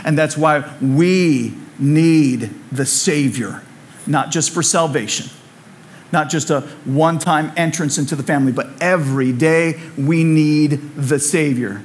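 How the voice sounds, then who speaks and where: In a church sanctuary, a pastor with a highish voice delivers his sermon at a measured pace. He keeps it conversational and repetitive, dropping in humorous asides.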